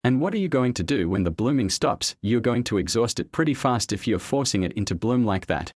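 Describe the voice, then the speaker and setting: Man doing a fearful outspoken woman, complaining, dry close sound, lively pitch. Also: fairly quick, no echo. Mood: worried. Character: anxious outspoken woman at a meeting.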